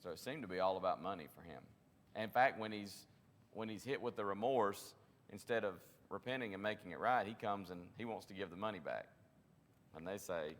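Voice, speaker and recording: A man's voice: fairly low pitch, a little fast, fairly bright tone, in a large hall. A man leading a Bible study, teaching conversationally, often restarting his sentences and acting out quotes. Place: church classroom.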